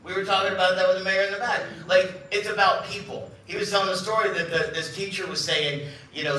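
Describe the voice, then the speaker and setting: A man's voice: high-pitched, little pitch movement, quick pace, few pauses, bright, forceful tone, slight background noise. A middle-aged man giving a live talk to an audience as a company head, joking and telling stories, acting out the voices of the people he quotes. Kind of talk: live event speech. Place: large event room. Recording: echoey room, speaker far from mic.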